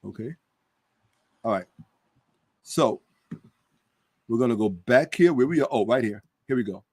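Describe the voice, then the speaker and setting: A man's voice: medium pitch, lively intonation, darkish tone, slightly rough, no room sound. A middle-aged man hosting his own channel, talking casually and emphatically, drawing out key words as he tells a story. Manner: emphatic, drawn-out stresses, storytelling. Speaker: host. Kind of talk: casual monologue commentary.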